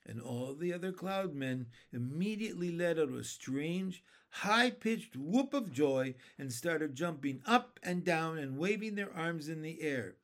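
A man reading a children's novel aloud, deliberate and expressive. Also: a little high. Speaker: storyteller.

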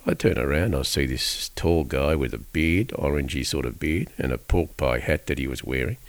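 A low, gravelly man telling a story with wide swings in pitch. His voice is dry and close, and he acts out the people in his anecdotes as he chats. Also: normal speed, dry recording. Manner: animated anecdote telling with acted quotes. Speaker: radio podcast co-host. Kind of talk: casual chat, storytelling.

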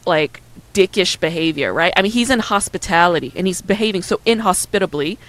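A woman's voice: on the low side, a little fast, poor audio. Candid woman telling a story. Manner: candid, animated storytelling with acted quotes; frequent "like" and "right?" fillers. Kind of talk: casual chat.

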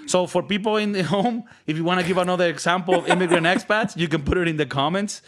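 A man's voice: sits high, fast talker, a bit bright. Joking Venezuelan-accented podcast host, a man. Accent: Venezuelan Spanish. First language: Spanish. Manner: joking, irreverent, rambling. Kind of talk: casual podcast chat.

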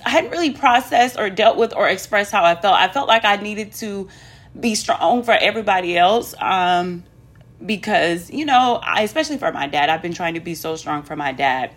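A woman's voice: mid-range voice, expressive, moderate pace, fairly bright tone. A woman talking candidly to viewers in a casual personal vlog, chatty, with many ums and asides to "y'all". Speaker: vlogger.

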